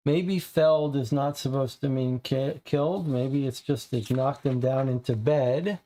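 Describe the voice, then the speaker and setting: A man's voice: medium pitch, unhurried, hardly any pauses, dark tone. A man playing a co-op mystery game, casually talking through the clues and sounding puzzled and frustrated. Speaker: co-op game player. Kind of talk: casual live-play chat.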